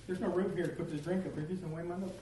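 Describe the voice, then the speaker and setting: A man's voice: a little high, steady tone, rapid-fire. A man preaching a sermon as pastor, telling stories with humor and animation. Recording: echoey room, distant mic, faint noise.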